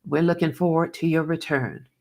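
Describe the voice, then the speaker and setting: A woman doing a friendly male boss leaving a voicemail, breezy and light in tone. The voice is low with a gravelly rasp. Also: fairly even intonation, normal speed, a little mellow. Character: upbeat male supervisor on a voicemail.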